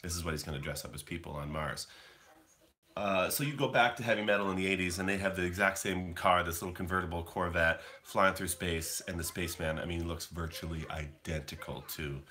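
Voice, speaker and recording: A man's voice: sits low, fairly quick, bright, forceful tone. A man in his thirties from Canada, rambling casually to his livestream viewers and answering the chat. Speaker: livestream host.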